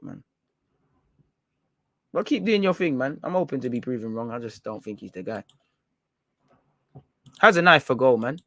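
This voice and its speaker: A man's voice: mid-range voice, vocal fry, dry recording. A man hosting a fan live stream, chatting casually in slang and reading out viewer comments. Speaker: fan channel host.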